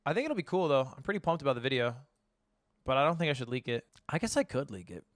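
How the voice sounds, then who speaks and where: A man's voice: a little high, big pitch swings, quick pace, dry recording, studio quality. A man streaming live, chatting casually and rambling through jokes and stories to his chat. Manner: rambling, joking, talks to chat.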